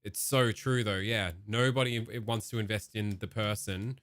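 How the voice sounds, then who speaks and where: A man rants casually and profanely while reacting to a video. His voice sits fairly low, and the sound is dry and close. He talks in loose, animated bursts. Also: moderate pace, no room sound.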